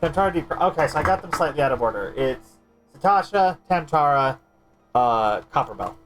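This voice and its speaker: A man's voice: on the high side, lively intonation, fairly quick, soft background music. A man streaming a game, chatting casually and animatedly, stammering and swearing now and then.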